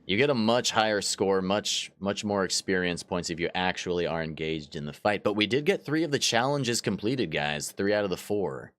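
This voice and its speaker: A man's voice: deep voice, expressive, normal speed, hardly any pauses, fairly bright tone, dry recording. A man giving casual let's-play commentary while gaming, chatty, laughing often and repeating words as he goes. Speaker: gaming YouTuber.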